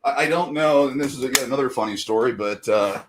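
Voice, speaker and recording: A man's voice: mid-range voice, fast, slight background noise. A middle-aged man in casual chat as a guest, talking loosely with many fillers and frequent laughs.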